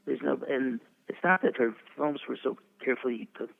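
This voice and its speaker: An older man in his eighties spins long, wandering show-business stories and keeps chuckling as he goes. His voice is deeply gravelly and full of fry. It reaches the listener through a thin, phone-like channel. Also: brisk. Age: 80s. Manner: chuckling, rambling storyteller. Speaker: veteran publicist guest. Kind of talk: anecdotal interview storytelling. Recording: tinny phone-like line.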